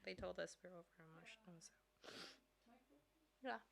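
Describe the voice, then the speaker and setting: A woman's voice: on the low side, normal speed, vocal fry. A middle-aged woman chatting casually and emotionally after a live set, laughing often. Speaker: musician guest.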